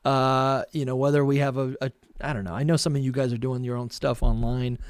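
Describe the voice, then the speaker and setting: A man hosting a casual podcast, eager and quick to cheer on his guests. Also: medium pitch, fairly even intonation, smooth, no echo, studio quality. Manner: eager, hypes others up. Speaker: podcast host. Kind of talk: casual chat.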